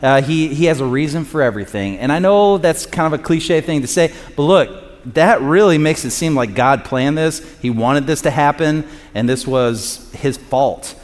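A man's voice: a little high, animated, moderate pace, in a large hall. A man preaching a sermon in a casual, joking way, acting out quotes. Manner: conversational and joking, acts out quotes. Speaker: pastor.

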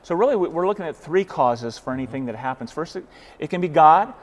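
A man's voice: on the high side, lively intonation, fast. A man in a casual faith discussion who speaks earnestly and often repeats words as he starts a thought.

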